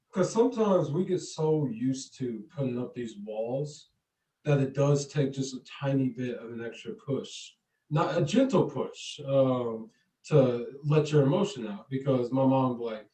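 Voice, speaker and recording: A young man, the guest's son, talking in a halting way with many fillers. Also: medium pitch, mellow. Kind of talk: casual chat. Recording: roomy, distant from the mic.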